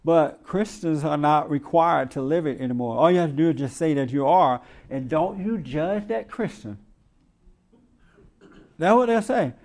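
With lively intonation and a darkish, fairly high voice at normal speed, a man hosts a radio talk show. His commentary to the live audience is preachy, built on emphatic rhetorical questions and mocking quotes.

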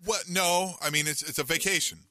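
A man's voice: on the high side, a little fast, bright, forceful tone, no room sound. A middle-aged man co-hosting a podcast, telling a rambling, self-mocking story in casual chat with lots of fillers. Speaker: podcast co-host.

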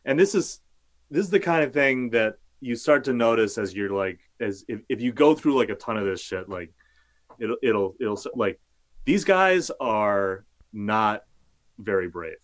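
A man's voice: fairly low pitch, animated, a little slow. A male journalist talking casually as an interview guest, rambling with many fillers and restarts, and cursing now and then.

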